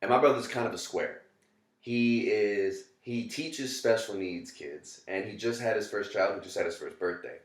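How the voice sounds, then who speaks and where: A man's voice: lowish voice, normal speed. A young man hosting a podcast, tipsy, rambling and laughing, swearing and calling his guest "bro". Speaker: podcast host. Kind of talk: casual drunk chat. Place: small apartment. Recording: echoey apartment room.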